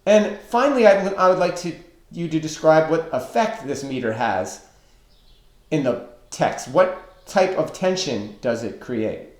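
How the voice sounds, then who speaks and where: A man teaching a recorded online lesson on poetic meter, slow and deliberate as he counts out stresses and feet. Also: fairly high pitch, expressive, a little mellow. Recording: echoey room.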